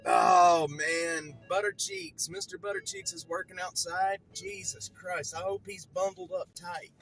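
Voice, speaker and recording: A man with a high-pitched, animated voice, vocal fry, and a pushed, bright tone speaks at a measured pace, with faint music behind him in a rough recording. Cold and shivering, he live-streams from a cemetery outdoors on a phone held in his hand, rambling, laughing often, and talking to his chat.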